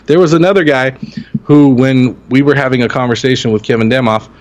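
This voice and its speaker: A man co-hosting a sports podcast, telling lively anecdotes and acting out quotes in raised voices. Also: a little fast, highs cut off. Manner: animated storyteller, acts out quotes in higher voices. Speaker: podcast co-host. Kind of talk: casual sports chat.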